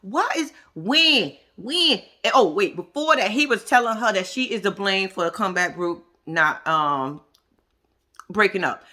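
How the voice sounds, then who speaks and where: A woman's voice: medium pitch, lively intonation, unhurried, bright, forceful tone. A woman giving a blunt, profane reaction commentary on a reality show, talking straight to her viewers. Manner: addresses viewers directly.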